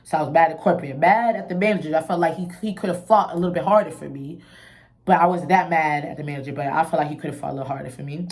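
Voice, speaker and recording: A woman's voice: sits low, racing, darkish tone. A young woman telling a personal story in a casual vlog, candid and emotional, full of slang and asides to her viewers. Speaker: vlogger.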